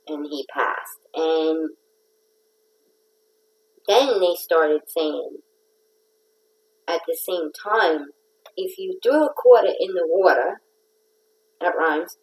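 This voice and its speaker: A woman's voice: on the low side, low-quality recording. A middle-aged woman hosting a casual livestream, telling a rambling, playful story. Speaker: host of a craft livestream.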